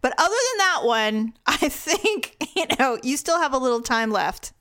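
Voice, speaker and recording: A high-voiced woman chatting as a co-host, playful and animated, with a teasing, judgy edge. She talks freely in a relaxed back-and-forth. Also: normal speed, clean tone. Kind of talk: casual chat.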